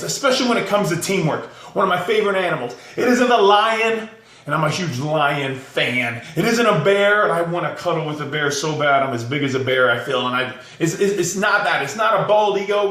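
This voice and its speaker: A man's voice: fairly high pitch, fairly bright tone. A middle-aged man giving a casual motivational talk, rambling with repeats and restarts. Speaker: motivational speaker. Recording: echoey room.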